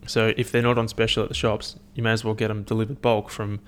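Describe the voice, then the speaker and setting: A man's voice: on the low side, flat delivery, quick pace, a little hiss or hum. A young man, hosting a casual solo rant, swearing often and rambling animatedly between stories.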